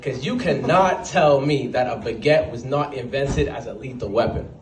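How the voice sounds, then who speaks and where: A man performing a stand-up comedy set at an open mic, telling stories with quick asides. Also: medium pitch, slight background noise. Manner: animated storytelling with quick asides and put-on voices. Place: small venue at an open mic night. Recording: roomy sound, voice from a distance, faint background.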